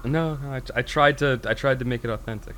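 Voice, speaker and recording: A man co-hosting a podcast in casual chat, telling comedy sketches in an animated way. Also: medium pitch, quick pace. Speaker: podcast co-host.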